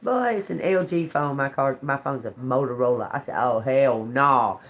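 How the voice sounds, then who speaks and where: A woman's voice: rumbling low, big pitch swings, a little fast. A woman chatting on a live stream from home into her phone, rambling, cursing and laughing as she tells a story. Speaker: tarot reader. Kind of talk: casual live-stream chat.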